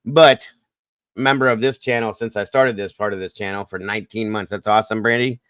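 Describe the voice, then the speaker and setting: Fast-talking folksy male stream host. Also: on the low side, steady tone, fairly bright tone, dry recording, clean studio sound. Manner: fast, folksy greetings with Southern-style phrasing. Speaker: livestream host. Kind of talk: casual livestream shout-outs.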